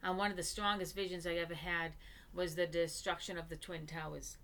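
A woman guest on an interview podcast, telling of her visions in a halting way with many pauses and fillers. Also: on the low side, little pitch movement, fairly bright tone. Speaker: guest psychic medium. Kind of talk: conversational interview.

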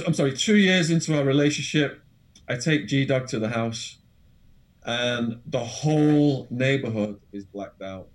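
A man with an English accent, an interview guest telling an animated, dramatic anecdote full of quoted voices. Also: mid-range voice. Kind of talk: storytelling anecdote.

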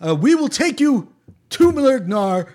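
A man voicing a boastful older male river barge captain who rambles through a salesman's pitch, as an impression of a well-known public figure. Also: big pitch swings, unhurried, heavily acted. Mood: wheedling. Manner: rambling salesman patter, loud and emphatic.

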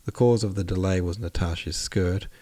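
A man's voice: low-pitched, normal speed, dark tone, a little hiss or hum. A man narrating a classic novel aloud on his podcast, plainly and evenly, stopping to correct his own slips. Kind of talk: audiobook narration.

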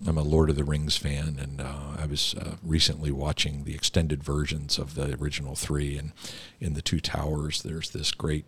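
A middle-aged man with an extremely deep, husky voice hosts a church podcast interview. He speaks reflectively and thoughtfully, with a fairly flat, even delivery. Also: moderate pace, few pauses. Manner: reflective, thoughtful, with brief affirmations. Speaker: podcast host, church stated clerk. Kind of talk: conversational interview.

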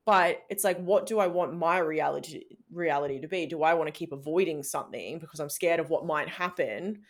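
Talking a little fast in a deep voice, this woman is a podcast guest who coaches shadow work coaches. The interview is casual and candid, with lots of "like" and occasional swearing.

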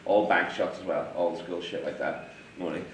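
A man's voice: low voice, steady tone, normal speed, slight background noise. A man co-hosting a casual podcast, joking, swearing and laughing loosely. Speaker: podcast co-host. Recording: echoey warehouse, mic at a distance.

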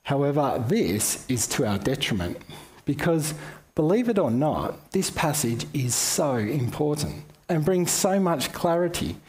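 In a relaxed Bible talk delivered like a sermon, this Australian-accented man chats to his audience with casual asides. He sounds on the high side, sing-song and unhurried, with a darkish tone.

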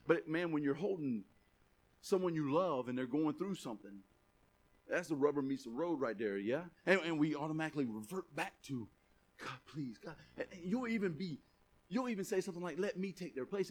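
A man preaching a sermon as pastor, emphatic, rising to shouts and dropping soft. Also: a little high, expressive, a little fast.

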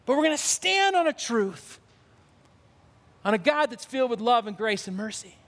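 This pastor's sermon comes in a very high-pitched, fairly bright voice with big pitch swings at a moderate pace. He speaks earnestly and emphatically, often starting phrases over, while long reverb from a large hall surrounds him.

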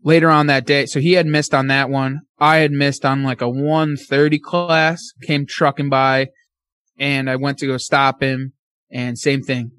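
A man telling a hunting story as a podcast guest, animated, acting out his own and his friend's words. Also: mid-range voice, a little slow, no echo.

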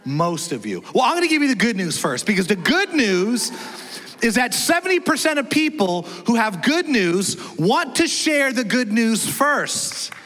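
A man in his thirties preaching a sermon as a pastor, chatty and energetic, often asking the congregation questions. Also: extremely high pitch, normal speed, slight background noise. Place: church auditorium. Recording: long church hall reverb.

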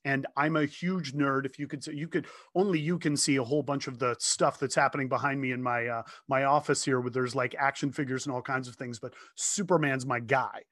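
A man in his fifties, a guest telling a heartfelt story in casual conversation from his home office, earnest and animated, often restarting his sentences. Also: mid-range voice, a little fast, hardly any pauses, no room sound, studio quality.

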